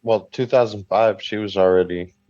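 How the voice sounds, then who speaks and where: A man's voice: lowish voice, moderate pace, darkish tone. A man co-hosting a casual podcast chat, making wry asides. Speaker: podcast co-host. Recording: dull lo-fi sound.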